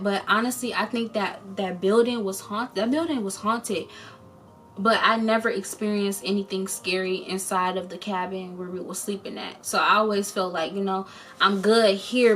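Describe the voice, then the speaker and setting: A young woman casually retelling a personal story in a lively vlog, full of slang and dramatic quoted voices. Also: medium pitch, slight background noise. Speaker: storyteller vlogger.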